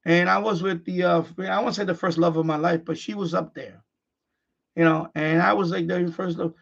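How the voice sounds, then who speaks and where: A man's voice: high voice, steady tone, normal speed, creaky. A middle-aged man hosting a live stream, talking bluntly off the cuff, frustrated, repeating himself and restarting his sentences. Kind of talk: unscripted live-stream monologue. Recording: dull lo-fi stream audio.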